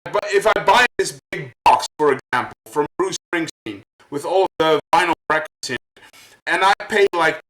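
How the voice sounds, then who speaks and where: A man in a fired-up vlog rant, his fairly high voice stumbling and circling back over the same words. He talks slowly, working himself up as he goes. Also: bright, forceful tone, roomy sound, low-quality recording. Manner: worked up, halting, repeats himself. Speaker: vlogger. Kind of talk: angry rant to camera.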